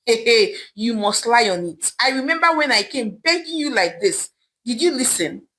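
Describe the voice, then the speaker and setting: A bitter, wealthy young woman, scolding her parents in a scornful, angry voice, as a woman narrator voices her. Her pitch rises and falls widely as she taunts them in this told folktale. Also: lively intonation, normal speed, sharp tone, slight background noise.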